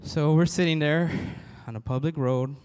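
A man, a police officer, giving a halting, earnest church testimony to a congregation, with many restarts. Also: a little high, fairly even intonation, a little mellow, smooth. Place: church hall. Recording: long reverb of a large hall.

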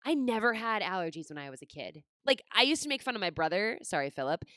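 A chatty woman rambling through a personal story, her voice smooth and clean. The sound is close and dry, with no room behind it. She fills her talk with "like" and drops in self-deprecating asides. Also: mid-range voice, big pitch swings, fast talker, fairly bright tone, dry recording. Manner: chatty, rambling, heavy use of "like".

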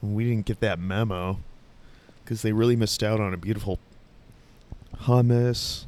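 A man's voice: fairly low pitch, steady tone, normal speed, darkish tone. A man co-hosting a podcast, joking around in casual chat and often trailing off mid-sentence. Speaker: podcast co-host.

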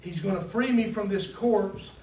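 A man preaching a sermon and reading scripture aloud. He asks the congregation to fill in words and swings between loud emphasis and quiet asides. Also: sits high, normal speed. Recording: roomy, distant mic, faint background noise.

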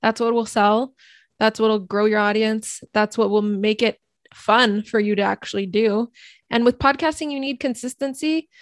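A woman's voice: on the high side, fairly even intonation, moderate pace, no room sound. Upbeat woman co-host, dry close mic. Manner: upbeat, encouraging, laughs easily. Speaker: podcast co-host. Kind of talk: casual podcast chat.

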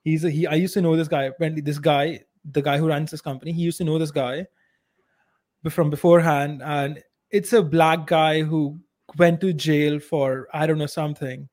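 The voice belongs to a man with an Indian accent co-hosting a casual podcast, somewhat high, steady in tone, and moderately paced. He states strong opinions bluntly, his loudness shifting unevenly.

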